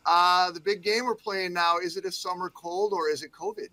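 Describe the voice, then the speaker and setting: This Midwestern news anchor, appearing as a guest on a radio show, chats casually in a high-pitched voice with fairly even intonation and a sharp tone. He speaks at a moderate pace, modest and easygoing, and uses plenty of fillers.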